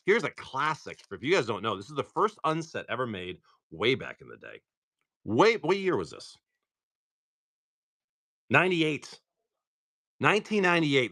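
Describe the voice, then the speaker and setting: A man's voice: a little high, fairly bright tone. A man hosting a live stream, opening card packs and upbeat as he thanks viewers by name.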